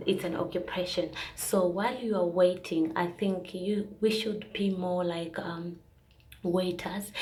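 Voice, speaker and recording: A woman's voice: fairly low pitch, darkish tone, slight background noise. A young woman vlogger sharing a casual, earnest faith testimony, rambling with fillers and restarts.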